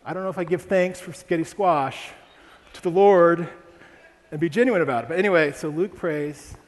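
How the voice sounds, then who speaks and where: In a sermon recorded with a large hall's long reverb and faint ambience, a young male pastor from Ohio recounts a family story. He poses frequent rhetorical questions to the congregation at a moderate pace, his voice a little high.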